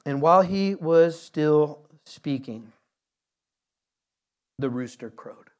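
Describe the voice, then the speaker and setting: A man's voice: on the high side, lively intonation, takes it slowly. A man preaching a conversational sermon, repeating words and building to emphatic peaks. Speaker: pastor.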